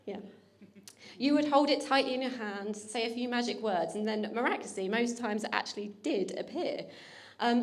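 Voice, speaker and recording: A young woman, the bride's older sister, giving a teasing, affectionate wedding speech and laughing often. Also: fairly high pitch. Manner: warm teasing, laughing often, getting emotional. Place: wedding reception hall.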